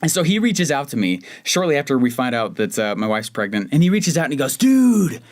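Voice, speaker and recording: A young man from Denver, Colorado hosts his own solo podcast, speaking quickly in a mid-range, sing-song voice. He tells a personal story in a chatty, self-mocking way, with plenty of fillers and restarts.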